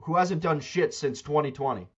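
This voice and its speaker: A man co-hosting a casual sports podcast, ranting loudly and mocking rival fans. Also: moderate pace, slightly rough. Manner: loud, mocking rants with big pitch jumps. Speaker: podcast co-host. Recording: dull lo-fi sound.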